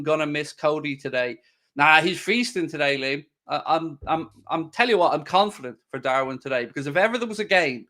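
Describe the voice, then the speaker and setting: A man's voice: fairly high pitch, pushed and bright. A young English man hosting a casual football watchalong, chatty and teasing, reading viewer messages aloud. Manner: teasing, chatty, reads super chats. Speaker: host.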